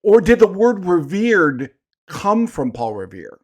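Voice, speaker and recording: Man, podcast co-host, animated, jokey, lively pitch. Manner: animated, jokey, quick to laugh. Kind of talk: casual chat.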